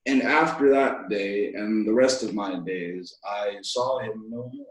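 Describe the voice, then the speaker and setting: A man's voice: fairly low pitch, unhurried. A man in his twenties from Alaska, a guest poet reading his poems with a rhythmic, playful delivery and chatting casually. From Alaska, USA. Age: 20s. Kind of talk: poetry reading and casual chat. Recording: echoey room.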